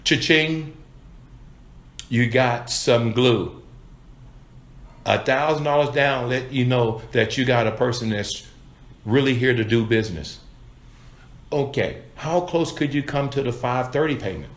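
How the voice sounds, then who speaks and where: A man's voice: medium pitch, unhurried. A man coaching salespeople in an emphatic, repetitive style with punchy catchphrases. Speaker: sales trainer. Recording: echoey room.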